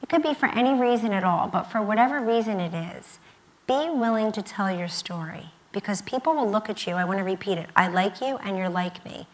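Brisk and animated, this mid-range female voice belongs to a guest speaker in her fifties at a student conference. Speaking from a university event stage, she's emphatic and repeats key phrases; the recording is rough.

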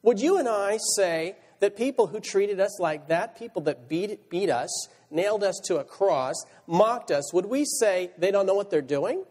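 A man's voice: sits high, lively intonation, moderate pace, a little mellow. A male pastor preaching a sermon, reading scripture aloud and asking rhetorical questions. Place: church sanctuary. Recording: church hall reverb.

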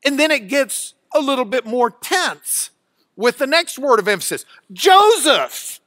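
A man teaching a classroom Bible lesson, bursting into loud dramatic emphasis as he reads and dropping to quiet asides between. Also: extremely high pitch, expressive, moderate pace, no room sound, studio quality. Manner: drops to quiet asides when searching notes. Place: classroom, recorded for radio.

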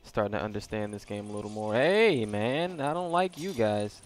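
A man's voice: lowish voice, lively intonation, moderate pace, faint music behind. A man giving casual let's-play commentary, reacting to gameplay with slangy jokes.

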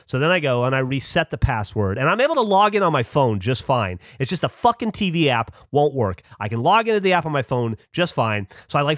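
A man's voice: medium pitch, animated, a little fast, no echo, clean studio sound. A man on a podcast telling a rambling, swear-filled story about his own mistakes in a casual chat. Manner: swears a lot, ranting storyteller. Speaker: podcast co-host. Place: podcast studio.

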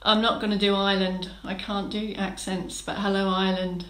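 A woman's voice: medium pitch, level tone, brisk, fairly bright tone, roomy sound, low-quality recording. A woman fitness instructor leading a live-streamed exercise class, chatting, greeting viewers by name and giving encouraging instructions. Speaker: fitness instructor for older adults.

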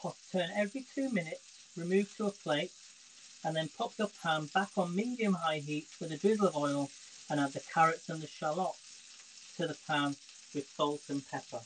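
A man's voice: on the high side, normal speed, fairly bright tone, a little hiss or hum, rough recording. A man hosting a casual live cooking stream from his home kitchen, chatting straight to his viewers. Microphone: phone. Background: frying sizzle.

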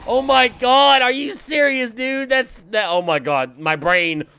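A young man giving excitable, swearing let's play commentary while he fights through a game. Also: extremely high pitch, a little slow, gravelly, smooth, dry recording. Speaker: gameplay commentator.

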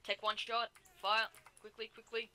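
A man's voice: high voice, monotone, moderate pace, bright, forceful tone, no room sound. An Australian man commanding his line over game voice chat, giving urgent, swearing orders through a headset. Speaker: line battle officer.

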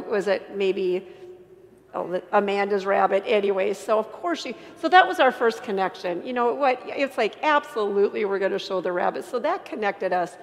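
A woman giving an earnest, emotional faith testimony to an audience, with self-deprecating humor and halting restarts. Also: medium pitch. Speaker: inspirational speaker. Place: church. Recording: long church reverb.

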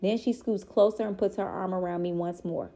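Female reader, children's book read-aloud, mellow and warm, steady and expressive. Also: mid-range voice, brisk.

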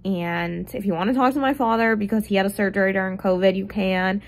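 A woman's voice: medium pitch, fairly even intonation, a little fast. A woman giving an emphatic, affectionate video message to a close friend.

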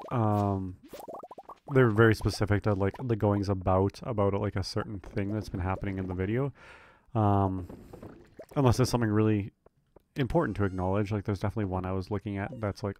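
A man's voice: lowish voice, darkish tone, a little hiss or hum. A man casually commenting on his own farming game playthrough, chatty and rambling with lots of fillers. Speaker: gaming video creator. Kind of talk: relaxed let's play commentary.

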